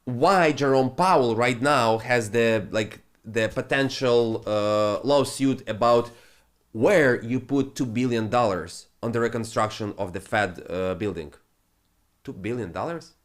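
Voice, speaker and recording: Casting note: male crypto trading host, swears freely, ranting market commentary, mid-pitched voice. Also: a little slow. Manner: profane, animated, non-native phrasing.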